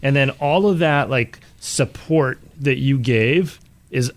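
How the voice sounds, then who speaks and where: Candid male talk show host, mid-pitched. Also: takes it slowly. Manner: candid, self-deprecating, animated when acting out frustration. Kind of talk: conversational interview.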